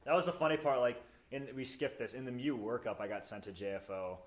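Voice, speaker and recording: A man's voice: medium pitch, fairly even intonation, fast. A man guesting on a podcast, telling stories in a heated, profane way, often restarting his sentences. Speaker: guest, military veteran. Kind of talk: casual interview chat.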